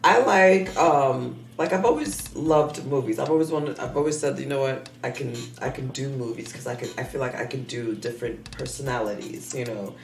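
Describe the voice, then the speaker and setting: Woman host, low voice, loose chatty delivery, roomy sound. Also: normal speed, creaky, hardly any pauses, distant mic. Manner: chatty, swears freely, laughs often. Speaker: podcast host. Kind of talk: casual chat. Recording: echoey room.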